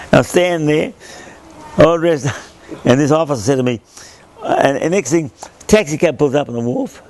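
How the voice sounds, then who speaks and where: A man's voice: fairly high pitch, lively intonation, moderate pace, darkish tone, a little hiss or hum. An older Australian man, a former sailor, rambles through an oral history story, repeating himself and acting out the voices he quotes.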